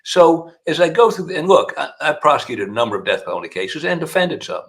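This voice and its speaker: Gravelly older Southern man telling stories. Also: a little high, brisk. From South Carolina. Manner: gravelly, animated storyteller. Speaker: defense attorney, guest. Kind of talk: storytelling interview answers.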